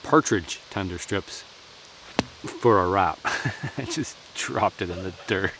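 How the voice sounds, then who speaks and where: A man's voice: low voice, slow pace, noisy background. A man chatting casually while cooking at an outdoor forest camp, joking and laughing often.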